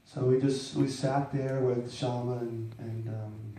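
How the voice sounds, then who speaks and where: A man's voice: medium pitch, little pitch movement, takes it slowly, dark tone, heavy reverb, recorded from a distance, slight background noise. A man telling a personal story to a live audience, rambling and self-deprecating, with many restarts.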